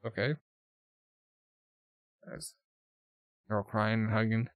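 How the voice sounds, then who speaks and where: A man's voice: fairly low pitch, level tone, slow pace, no echo. A man reading a manga aloud, narrating casually with jokey asides and spoken sound effects. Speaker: manga reader.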